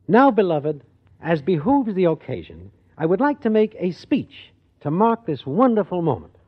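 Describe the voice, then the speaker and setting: An actor playing a smooth-talking, broke young con man in a 1940s radio sitcom, glib and full of mock-grandeur. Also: sits high, wildly swooping pitch, normal speed, heavily acted. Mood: grandiose. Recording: noisy lo-fi old radio broadcast with live studio audience. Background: loud studio audience laughter.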